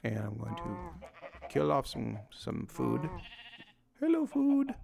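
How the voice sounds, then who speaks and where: A man with a lowish, slow, creaky voice hosts a let's play. His scratchy-voiced gameplay commentary is casual and rambling, and he's self-deprecating, often chuckling at himself.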